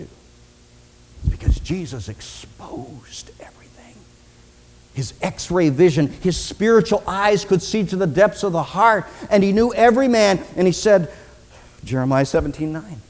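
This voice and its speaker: A man preacher delivering a sermon, dramatic, swinging from loud declaiming to hushed near-whispers. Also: fairly high pitch, lively intonation, measured pace, a little hiss or hum. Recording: long reverb in a large hall.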